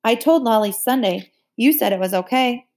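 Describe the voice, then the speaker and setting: A woman's voice: fairly high pitch, lively intonation, moderate pace, darkish tone, voice pushed up. A woman voicing a prim, bossy teenage girl who corrects others and sweet-talks.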